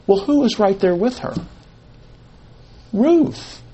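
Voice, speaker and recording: A man's voice: medium pitch, a little slow, a little hiss or hum, low-quality recording. A man teaching a Bible sermon, repeating key phrases and posing and answering his own questions. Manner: conversational, asks and answers questions. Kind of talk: expository sermon.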